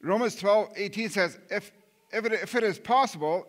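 A man preaching a sermon with a bright, forceful voice pitched a little high. He talks earnestly, stumbles over repeated words and restarts, and keeps asking his listeners questions. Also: lively intonation, moderate pace. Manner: rhetorical questions to the congregation. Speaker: pastor.

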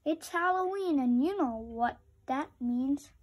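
A woman's voice: high-pitched, animated, a little slow, darkish tone. A woman voicing a gang of rowdy, taunting skeletons in a storybook read-aloud. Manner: taunting, sing-song chanting.

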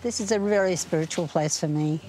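An older woman talking casually and warmly outdoors in a forest, gentle, heartfelt and enthusiastic. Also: lowish voice, fairly quick, soft background music, low-quality recording. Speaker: interviewee. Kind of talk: casual conversation.

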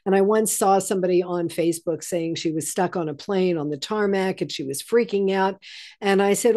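A woman coach giving a chatty breathing lesson, turning soft and low when she guides the breaths. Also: expressive, normal speed. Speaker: stress-relief coach.

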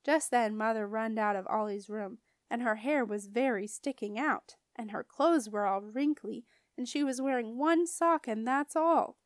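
Femme lisant un livre pour enfants, voix aiguë. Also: female voice, fairly high pitch, normal speed, few pauses, no echo, studio quality. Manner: lively first-person child narration. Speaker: storybook reader. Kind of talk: children's book read-aloud.

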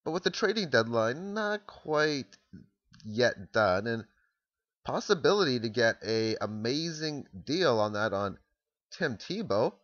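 A man's voice: mid-range voice, expressive, measured pace, a bit bright, no echo, highs cut off. Man rambling through a football breakdown. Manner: rambling, thinks aloud, restarts sentences while walking through plays. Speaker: amateur football analyst. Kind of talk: casual spoken explainer.

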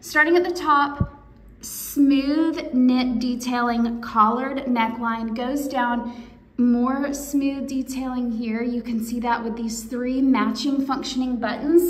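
A woman's voice: a little high, distant mic. A woman, hosting a casual clothing try-on and gushing to viewers in a chatty way. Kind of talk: casual product try-on video. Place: room indoors. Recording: echoey room, voice from off the mic.

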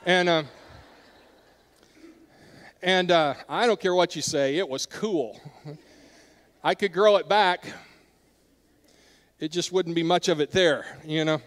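A middle-aged male pastor preaching with a high, bright-pitched voice. He talks in an earnest way and turns hushed during personal stories, and a long hall reverb trails after his words in the church. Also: slow pace, pauses often. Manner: earnest, drops softer when telling personal stories. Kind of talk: sermon.

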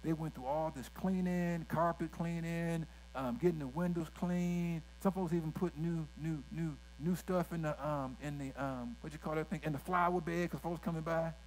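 A male pastor with a drawl preaching in an animated, conversational way, his voice sitting a little high. He drops folksy asides and checks in with the congregation as he goes. A faint electrical hum runs under the recording. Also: normal speed, few pauses, rough recording. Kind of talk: sermon.

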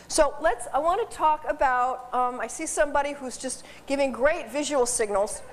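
A woman who works as a dog behavior consultant, giving a seminar in a chatty, animated way, laughing often and repeating her words. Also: a little high, moderate pace, hardly any pauses, slight background noise. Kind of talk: informal seminar talk. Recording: distant voice in a reverberant hall.

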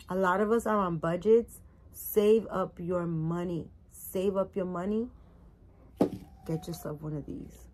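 A woman's voice: lowish voice, measured pace, a little mellow. A woman doll collector vlogging casually as she unboxes a new doll, rambling and emotional as she gushes over it.

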